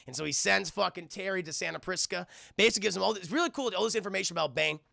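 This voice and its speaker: A man giving a casual, profane scene-by-scene cartoon recap to his live stream chat, excitable and acting out the characters as he goes. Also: high voice, rapid-fire, vocal fry, no room sound, studio quality.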